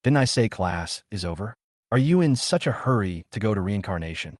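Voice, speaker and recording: A man's voice: on the low side, expressive, fairly quick, dry recording, studio quality. A man reading as a scolding, stern teacher. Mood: angry. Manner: scolding, lecturing. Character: stern, irritable schoolteacher.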